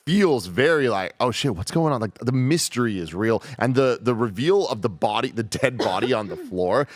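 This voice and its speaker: A man's voice: medium pitch, animated, moderate pace, dry recording, clean studio sound. A man hosting a podcast, chatting about a film with casual enthusiasm and swearing. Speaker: podcast host. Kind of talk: casual podcast chat and read sponsor ad.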